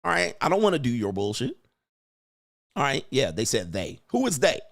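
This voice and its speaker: A man's voice: mid-range voice, wildly swooping pitch, normal speed, creaky, fairly bright tone, dry recording, studio quality. Brash mocking New man. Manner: brash and mocking, laughs often, mimics voices. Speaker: host. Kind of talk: loud, crude commentary on video clips.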